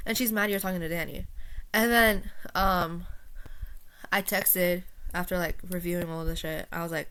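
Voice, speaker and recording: A teenage girl ranting casually to her viewers, rambling and profane with lots of filler words, jumping between loud outbursts and quiet muttering. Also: medium pitch, measured pace. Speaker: vlogger. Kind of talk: casual rant to camera.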